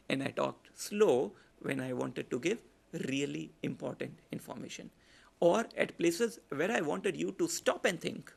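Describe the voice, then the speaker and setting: A man with an Indian English accent, a public speaking trainer giving a lecture and demonstrating shifts in volume, pitch and pace. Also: gravelly. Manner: demonstrates loud, soft, fast and slow delivery. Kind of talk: online lecture.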